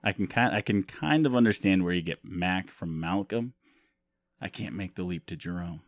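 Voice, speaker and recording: Man, low voice, podcast co-host, rambling, laughs a lot, dry recording. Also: normal speed, no echo. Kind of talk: casual chat.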